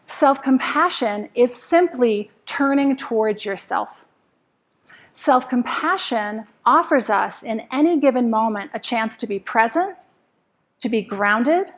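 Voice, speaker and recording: A woman speaking at a conference with a slightly higher voice, telling a personal story and asking the crowd questions. She acts out her own anxious inner voice as she goes. She sounds middle-aged. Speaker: speaker giving a talk. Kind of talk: conference talk to a live audience.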